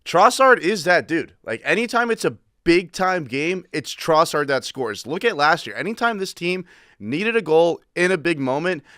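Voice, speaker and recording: A man's voice: on the high side, sharp tone, no echo, studio quality. An American man co-hosting a casual sports podcast, talking in brash, emphatic, profane hot takes. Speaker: podcast co-host.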